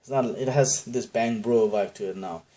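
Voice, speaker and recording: A man's voice: fairly low pitch, moderate pace, dark tone. A man from Bangladesh hosting a casual solo podcast, rambling through tangents, self-deprecating, often laughing at his own jokes. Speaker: podcast host.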